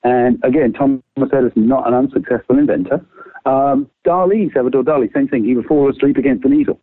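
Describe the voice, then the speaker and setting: Energetic man on a tinny line. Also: fast talker, no echo. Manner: lively, swings pitch widely, casual swearing. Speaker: creativity trainer, guest. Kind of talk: animated explaining with quick exercises. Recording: dry, phone-like narrow sound.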